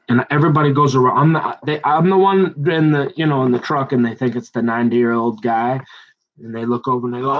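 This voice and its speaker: A man's voice: mid-range voice, quick pace, muffled recording. A middle-aged man preaching, telling a digressive personal story in a chatty, joking way. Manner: digressive, chatty, self-mocking. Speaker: pastor. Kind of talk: sermon with rambling personal story.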